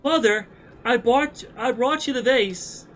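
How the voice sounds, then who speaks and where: A man's voice: extremely high pitch, slow pace, fairly bright tone, faint music behind, voice pushed up, full character voice. A man with a cold putting on the voice of a timid, polite young girl. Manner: hesitant and polite. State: congested with a cold.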